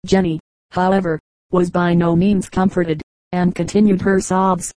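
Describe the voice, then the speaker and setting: A woman reads short humorous stories aloud in an even, steady audiobook manner. Her voice is mellow and warm rather than bright. The recording is close and dry, with no room sound. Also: on the low side, unhurried, no room sound, poor audio. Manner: steady storytelling read. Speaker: audiobook reader. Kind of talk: scripted narration.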